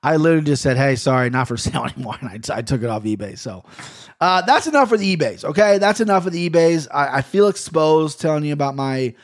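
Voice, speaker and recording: A man hosting his own podcast, rambling casually and swearing a lot as he talks into a boom-arm studio mic in his home office. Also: very animated, quick pace. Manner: rambling, profane, chatty. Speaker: podcast host. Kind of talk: casual solo podcast monologue.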